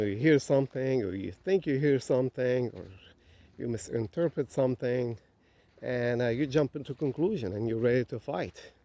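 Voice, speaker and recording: A man telling a story on a walk, relaxed, with many filler phrases. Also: medium pitch. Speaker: vlogger. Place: outdoors on a nature walk.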